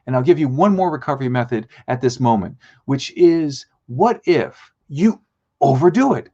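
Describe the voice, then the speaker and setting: Animated male speaking coach. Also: medium pitch, moderate pace, highs cut off. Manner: animated, acts out quoted lines. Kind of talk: live show coaching talk.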